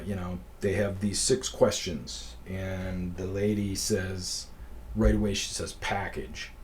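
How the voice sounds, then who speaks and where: A man's voice: deep voice, a little mellow, a little hiss or hum. A middle-aged man from Wisconsin, telling a story casually, rambling and swearing freely. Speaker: podcast host.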